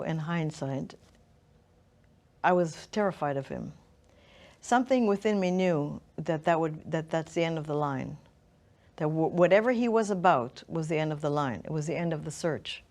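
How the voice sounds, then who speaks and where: A middle-aged woman with a somewhat low voice recounts her personal story as an interview guest. She speaks reflectively and haltingly, circling back to restart phrases and searching for words. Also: darkish tone. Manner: thoughtful, halting, with frequent restarts and fillers.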